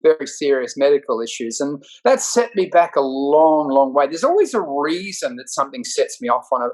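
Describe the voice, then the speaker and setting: A man's voice: mid-range voice, poor audio. Man, comedian guest, punchy timing, self-deprecating, candid interview. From Australia. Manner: quick, punchy comic delivery, self-deprecating.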